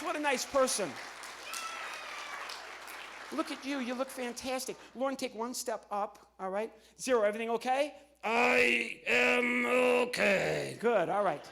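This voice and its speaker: Upbeat male ventriloquist from New Jersey, high voice. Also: a bit bright. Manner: upbeat, coaxing, gives quick instructions to volunteers. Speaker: ventriloquist and comedian. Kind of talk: live comedy stage show. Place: church stage before an audience.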